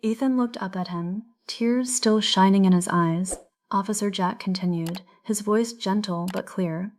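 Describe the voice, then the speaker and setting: A woman narrating a story slowly and clearly for English learners, with expressive delivery. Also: medium pitch.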